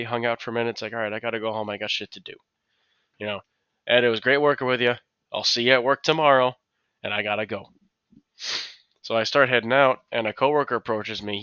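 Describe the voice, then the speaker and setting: Man, casual podcast storyteller, bright, lively, acts out his coworkers' lines. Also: medium pitch, smooth, no room sound, lo-fi sound. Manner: animated, acts out quotes of coworkers. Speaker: podcast co-host.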